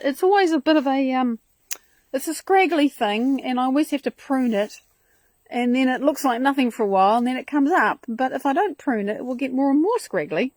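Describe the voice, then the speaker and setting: Woman host, higher voice, chatty garden tour on a live stream, dry close sound, outdoors on a phone. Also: dry recording. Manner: chatty, rambling and enthusiastic. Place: outdoors in her front garden.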